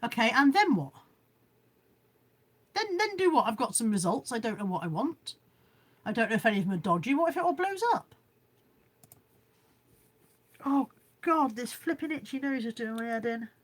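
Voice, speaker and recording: A woman's voice: a little high, big pitch swings, fairly quick, pauses often. A woman vlogging live from home, reading out viewer comments in a rambling, chatty way and joking about how little she knows about technology.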